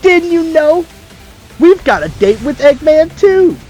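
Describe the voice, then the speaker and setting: Brash young hedgehog hero, pitched well up, a man doing the voice; cocky and taunting. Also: very animated, measured pace, darkish tone, lo-fi sound, soft background music, heavily acted.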